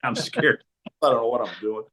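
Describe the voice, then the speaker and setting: A middle-aged man tells a long story as an interview guest in a radio studio. He is animated and acts out other people's voices, at an ordinary mid-range pitch for a man. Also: moderate pace, husky. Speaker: sportscaster guest.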